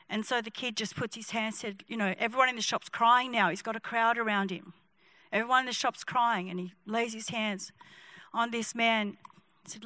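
A woman pastor preaching a sermon, telling a story and acting out its people, sometimes dropping to a hushed voice. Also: on the high side, normal speed, no room sound. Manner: lively, acts out the people in her stories; drops to a hushed voice for solemn moments.

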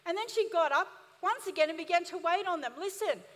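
Preaching briskly in a very high, fairly bright voice, this woman pastor delivers an emphatic call-and-response sermon, urging the congregation to answer back. The echo of a reverberant church hall surrounds her.

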